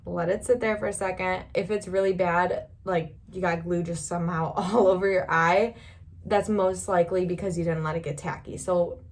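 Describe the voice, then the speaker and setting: A woman's voice: lowish voice, fairly even intonation, moderate pace. Chatty young woman giving a makeup tutorial. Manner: chatty, rambling, reassuring, laughs often. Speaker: beauty vlogger.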